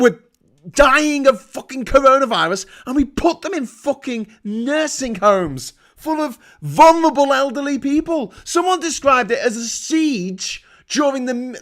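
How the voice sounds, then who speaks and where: A man's voice: extremely high pitch, fairly bright tone. A man with a British accent hosting a livestream, ranting angrily about politics with constant swearing and sarcasm. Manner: profane, sarcastic, angry. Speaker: livestream host.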